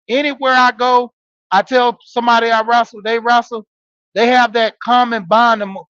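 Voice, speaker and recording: A man in his forties with a high voice talks straight to his listeners, telling a story in a loose, casual monologue full of "you know"s. The sound is dry and a little dull, with no room around it. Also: fairly bright tone, no room sound. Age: 40s. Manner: storytelling, talking straight to listeners with frequent fillers. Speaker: podcast host and wrestling coach. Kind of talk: casual monologue, greeting live chat.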